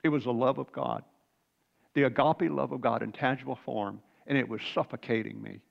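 A man in his sixties earnestly telling a spiritual testimony, often clearing his throat and repeating words. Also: medium pitch, a little fast, dull audio. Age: 60s. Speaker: Christian speaker sharing a testimony.

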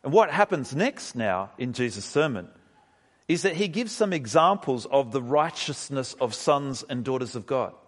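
A male pastor preaching a sermon in a church hall, his voice ranging widely as he jumps up in pitch to stress a point. He keeps asking the congregation rhetorical questions. A long reverb hangs behind every phrase.

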